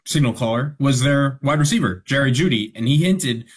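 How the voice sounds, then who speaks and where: A man works as the producer on a sports talk radio show. His voice is somewhat husky and sits in a middle pitch, and he lays out news in a steady, measured briefing tone.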